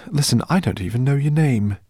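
A man's voice: mid-range voice, animated, fairly quick, slightly rough, dry recording, studio quality, voice pushed up. A man voicing a kindly, bookish male professor who talks in a courteous, rambling way. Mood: genial. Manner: courteous, rambling, gently embarrassed. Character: kindly bookish male professor, middle-aged, fussy host.

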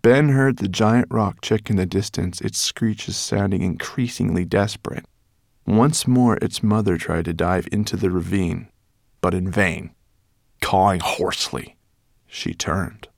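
A man's voice: sits low, measured pace, gravelly, no room sound, clean studio sound. A man narrating a children's adventure audiobook in a dramatic storytelling manner. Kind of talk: scripted narration.

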